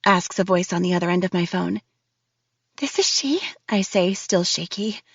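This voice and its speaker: A woman's voice: lowish voice, flat delivery, a little fast, creaky, slightly rough, dry recording. A woman narrating a first-person audiobook in a nervous, breathless storytelling manner. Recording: dull, dry studio read.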